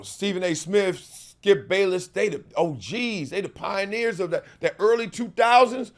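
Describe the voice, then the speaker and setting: A middle-aged man hosting a talk show, talking emphatically in slangy speech, laughing often and mocking others in put-on quotes. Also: fairly high pitch. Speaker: host. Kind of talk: animated talk-show monologue.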